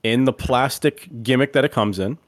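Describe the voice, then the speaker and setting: A man's voice: medium pitch, moderate pace, no room sound, clean studio sound. A man co-hosting a podcast, telling a long rambling story in casual chat, full of "like"s. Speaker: podcast co-host.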